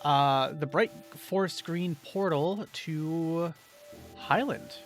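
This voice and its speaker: A man narrating a tabletop role-playing game as game master, pausing with many fillers. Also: on the high side, faint music behind.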